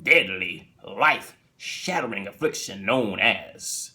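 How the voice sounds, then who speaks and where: A man imitating a grave, measured male TV anthology narrator with slow, dramatic delivery. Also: on the low side, animated, bright, forceful tone, voice pushed down, full character voice. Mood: ominous.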